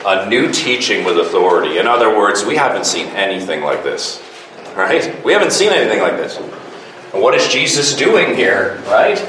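A man's voice: lowish voice, fairly bright tone, a little hiss or hum. Man teaching a Bible class, echoey room. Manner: keeps quizzing the group with quick questions. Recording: echoey room from a distant mic.

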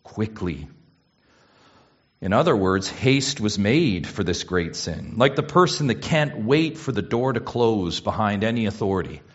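A man preaching an expository sermon, asking rhetorical questions and swinging between hushed and forceful emphasis. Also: on the low side, sing-song, moderate pace, few pauses, lo-fi sound. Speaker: pastor.

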